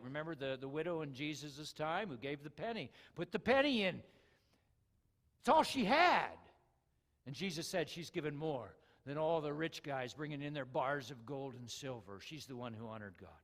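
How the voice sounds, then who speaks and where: Guy preaching a sermon, kinda high voice, asks the crowd questions a lot, lots of hall echo. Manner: animated, rhetorical questions to the congregation. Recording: long hall reverb.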